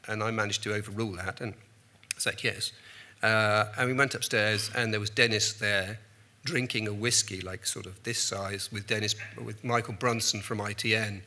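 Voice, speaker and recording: An older man in his sixties, a journalist and keynote speaker telling rambling anecdotes at a conference. His tone is very bright and forceful, and his pitch sits in the middle. He is self-deprecating, and he often restarts his sentences. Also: fairly quick. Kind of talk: conference talk, anecdotal storytelling.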